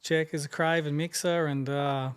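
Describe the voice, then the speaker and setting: An Australian man in his fifties, a rapper chatting casually as a podcast guest, talking quickly and rambling. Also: on the high side, steady tone, clear, resonant tone. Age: 50s. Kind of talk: casual chat.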